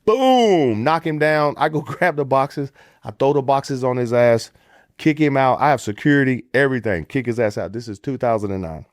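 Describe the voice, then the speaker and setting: Middle-aged American man, podcast storyteller, very expressive pitch, dry close mic. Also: moderate pace, dry recording. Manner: animated storyteller, puts on voices for quotes, swears freely. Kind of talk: casual storytelling.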